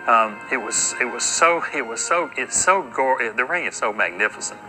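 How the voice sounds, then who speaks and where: A man being interviewed, telling a story in a halting, hesitant way. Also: medium pitch, expressive, low-quality recording. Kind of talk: anecdotal storytelling. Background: music.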